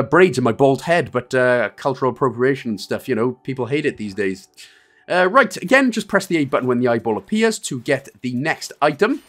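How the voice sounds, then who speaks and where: A man with a Welsh accent hosting a game walkthrough, giving step-by-step instructions with chatty, self-mocking asides. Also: medium pitch. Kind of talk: joking gameplay walkthrough commentary.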